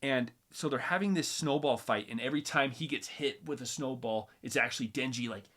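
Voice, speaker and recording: A man's voice: mid-range voice, a little fast. Guy on a chill chat show, gets worked up retelling a scene, keeps restarting sentences. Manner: animated retelling, acts out quotes, many restarts. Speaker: host. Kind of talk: casual chat.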